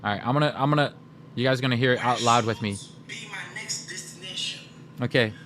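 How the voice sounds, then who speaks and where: A man's voice: medium pitch, brisk, crowd noise. A man livestreaming, chatting casually with his viewers, addressing the chat directly and laughing often.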